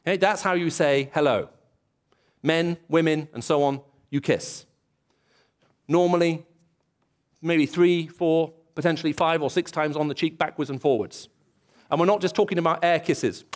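A man's voice: fairly high pitch, normal speed, pauses often. A man preaching a sermon in a church, telling stories and acting out bits of dialogue. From England. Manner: storytelling, acts out dialogue and voices.

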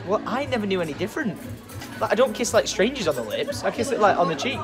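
A man vlogging casually from a hotel restaurant, excitable and jokey, swearing casually. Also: high voice, quick pace. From England. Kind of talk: casual vlog chat. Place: hotel restaurant high up a tower, indoors. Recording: music and crowd chatter behind.

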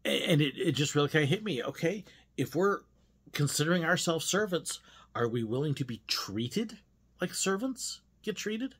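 Guy with a husky voice doing an earnest devotional talk, pauses a lot, thinking out loud. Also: a little high, expressive. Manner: earnest and self-searching, with frequent hesitations. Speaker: host of a devotional podcast. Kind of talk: reflective devotional monologue.

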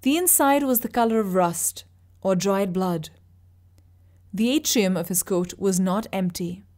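A woman narrating fiction with a steady, vivid delivery. Her voice sits at a middle pitch for a woman. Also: measured pace. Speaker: reader. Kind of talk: audiobook narration.

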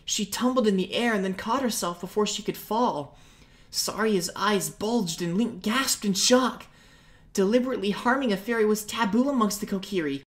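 A woman narrating a fan-made storybook audiobook with even storytelling. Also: mid-range voice, normal speed.

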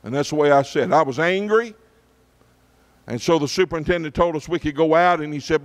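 Pastor, middle-aged man, folksy storytelling sermon with frequent asides to the congregation, a touch higher-pitched than most men. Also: a little fast. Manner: folksy preacher, checks in with the congregation often.

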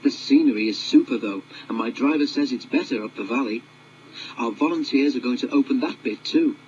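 A man voicing a steady, good-natured male engine who tells a cautionary tale in a calm, kindly way. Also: mid-range voice, fairly quick, slight background noise, close to an everyday voice. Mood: chatty. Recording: dull lo-fi audiobook with music.

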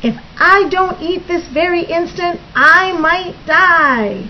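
A woman voicing a hungry, rude young male bird with a high, whiny, squawky voice, reading from a storybook, on a dull lo-fi recording. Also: sing-song, measured pace, gravelly, slight background noise, full character voice. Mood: frantic, whiny.

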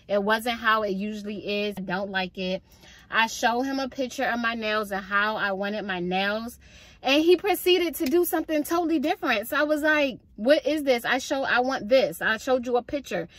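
Young woman, vlogger, frustrated venting, slightly high voice, dry recording. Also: no echo. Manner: frustrated, venting, animated storytelling. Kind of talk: casual vlog rant.

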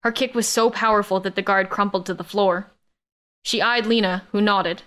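A woman reads a novel aloud in the first person, keeping a steady storytelling pace. Her voice is smooth and crisp, at an ordinary middle pitch. The reading stays even and controlled from line to line. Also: moderate pace. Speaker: audiobook narrator. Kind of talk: first-person audiobook narration.

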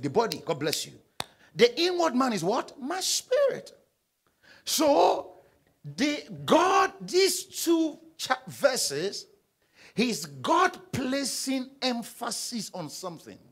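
Man preaching in church, high voice, animated pitch, call-and-response questions. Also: husky. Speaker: pastor. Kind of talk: sermon.

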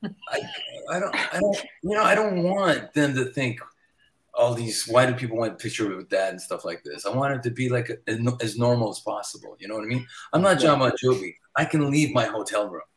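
Male guest, casual storyteller who laughs through his anecdotes, mid-pitched voice, roomy echo. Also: animated, fairly quick. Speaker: guest guitarist. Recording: roomy echoey sound.

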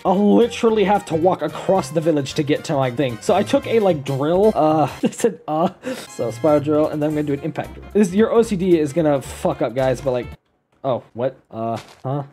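A gameplay commentator narrating a build in an excitable, self-mocking way, swearing freely and breaking into laughter. The voice swings widely up and down in pitch while talking. Soft music plays faintly in the background.

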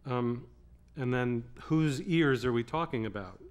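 A man's voice: mid-range voice, clean tone. Man posing a long prepared question. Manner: measured, with frequent "um" pauses. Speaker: moderator. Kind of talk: prepared question at a public reading.

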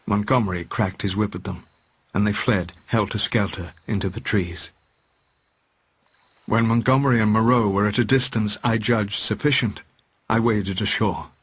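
A man narrating a classic novel as an audiobook, in a steady, measured reading voice. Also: on the low side, husky.

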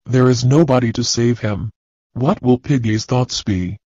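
Man slowly reading a lesson aloud. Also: medium pitch, mellow, dry recording. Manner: slow, deliberate, clear reading. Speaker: teacher. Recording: dull, dry lo-fi recording.

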